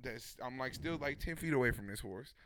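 Animated young man telling a story. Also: mid-range voice, fairly quick, slight background noise. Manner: animated, laughing, acting out quotes. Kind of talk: casual storytelling chat.

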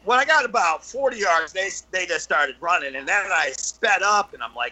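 A man guest telling stories in casual chat, halting with many fillers and restarts, and animated when he gets into the story. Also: high voice, poor audio.

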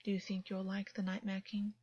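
A woman voicing a troubled fey man who speaks quietly and measuredly, sometimes near a whisper, in a dull dry recording. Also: mid-range voice, fairly even intonation, brisk, husky, dry recording, natural voice. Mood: probing, hushed. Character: troubled fey man, commanding yet tender.

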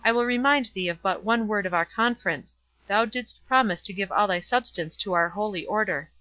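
A woman's voice: medium pitch, fairly quick, no room sound, highs cut off, natural voice. A blustering burly friar, read by a woman. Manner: blustering, loud and defiant. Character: burly, quarrelsome middle-aged friar.

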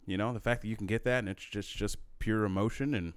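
A man's voice: fairly low pitch, steady tone, fast talker, smooth, no echo, studio quality. A young man co-hosting a podcast, laid-back and chatty, often repeating himself as he searches for words. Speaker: podcast co-host. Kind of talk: casual chat.

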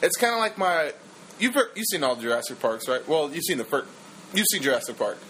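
Animated rambling young man. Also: on the high side, quick pace, a little hiss or hum, poor audio. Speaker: podcast co-host. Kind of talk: casual movie review chat.

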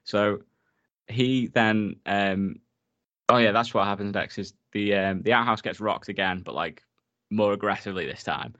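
A man with a lowish voice recaps a film in a loose, giggly way and swears freely. The recording is dull and lo-fi, with a dry, close sound. He talks casually, as if chatting with a friend. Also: moderate pace, sharp tone, no echo.

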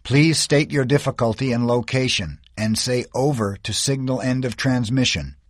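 A man voicing a calm male radio operator with clipped, procedural speech in an audiobook. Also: medium pitch, normal speed, no echo, studio quality, natural voice. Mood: businesslike. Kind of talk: audiobook character voice.

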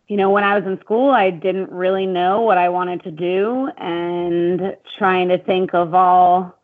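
A woman guest on a sports podcast, answering thoughtfully with frequent fillers and hedges. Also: on the low side. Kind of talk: casual interview answers. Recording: tinny phone-like line.

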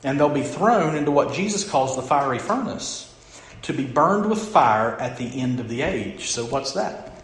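Questioning pastor in an echoey hall. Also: male voice, mid-range voice, expressive, moderate pace. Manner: asks the congregation questions, swings from loud emphasis to hushed. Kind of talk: sermon. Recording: echoey room.

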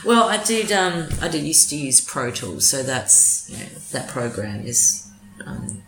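A woman's voice: extremely low pitch, measured pace. An Australian woman who presents community radio, chatting casually as an interview guest with many restarts and fillers. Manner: relaxed, talks in restarts and fillers. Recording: echoey room, faint noise.

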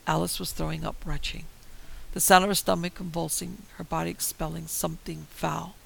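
A man's voice: fairly high pitch, flat delivery, fairly quick, creaky, a bit bright, husky, rough recording. A man telling a first-person horror story in a dramatic, tense manner. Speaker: narrator.

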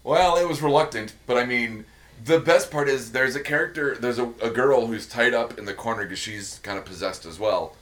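Young guy rambling and cussing in a casual podcast chat, regular mid pitch. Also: a bit bright. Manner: profane, rambling, with quick put-on voices. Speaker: podcast co-host.

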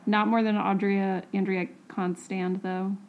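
A woman's voice: mid-range voice, flat delivery, measured pace, narrow, tinny audio. Blunt, sardonic woman podcast co-host. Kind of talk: casual chat.

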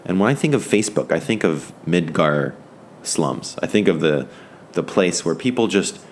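A man's voice: sits low, lively intonation, moderate pace, a little hiss or hum. A man giving an informal, fervent Bible lesson. He rambles, stopping and restarting with many fillers. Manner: fervent, enthusiastic. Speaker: Bible teacher.

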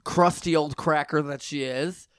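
A podcast co-host, a man with a slightly raised pitch who jokes, swears and slips into quiet asides. He is recorded close on a studio mic in a dry room. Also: fairly even intonation, unhurried, clean tone, dry recording. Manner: joking, swearing, soft-spoken asides. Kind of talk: casual chat.

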